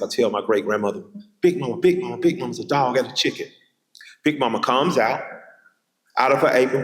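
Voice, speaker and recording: A man's voice: on the high side, fairly bright tone. Middle-aged Atlanta-accented man, keynote speaker, raised voice, storyteller's rhythm, heard in a reverberant hall. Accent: Southern US, Atlanta. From Atlanta, Georgia. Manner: emphatic, rhythmic repetition, vivid storytelling. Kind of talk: keynote speech with personal storytelling. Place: large hall at a college. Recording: echoey hall with long reverb.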